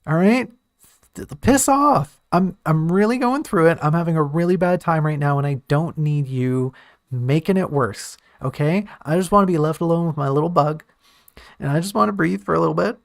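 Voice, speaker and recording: A man's voice: on the high side, moderate pace, creaky, dry recording, clean studio sound, pitched above the performer's own voice. A man doing a snarly, touchy half-elf woman. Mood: snarling. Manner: snappish, defensive, cursing.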